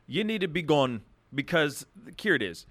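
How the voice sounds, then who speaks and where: Man podcast host, lively, tense bright voice, fairly high pitch, incredulous. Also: moderate pace. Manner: animated, incredulous, emphatic. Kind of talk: casual chat.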